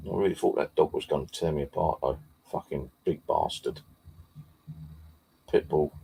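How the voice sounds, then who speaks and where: Man, low husky voice, dark tone, casual sweary storytelling. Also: normal speed. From Bexley, southeast London. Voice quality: deep gravelly husky voice. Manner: heavy swearing, rambling with fillers. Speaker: paranormal vlogger. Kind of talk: casual rambling anecdote.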